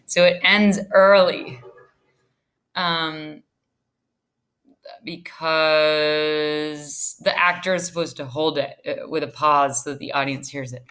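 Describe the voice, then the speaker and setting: A woman's voice: deep voice, fairly even intonation, takes it slowly, pauses often, fairly bright tone. A woman teacher giving a casual lesson from home, chatty and full of ums and restarts. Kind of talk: casual online literature lesson.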